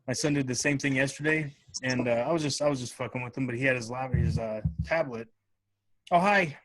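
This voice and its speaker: A man's voice: medium pitch, brisk, no echo. A man hosting a podcast, telling family stories in casual chat, with lots of swearing. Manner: profane, animated storytelling. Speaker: podcast host.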